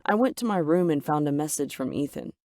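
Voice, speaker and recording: A woman's voice: low voice, expressive, a little fast, warm tone, no echo. Woman narrating a story in a dry voice. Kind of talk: first-person story narration.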